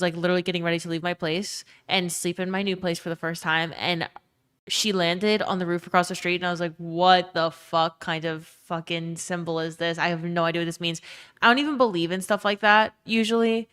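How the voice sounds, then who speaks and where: A woman with a lowish, slightly bright voice and a clear, resonant tone chats casually with her live stream audience. She answers her chat and tells a tender story, saying "um" and "like" a lot and swearing now and then.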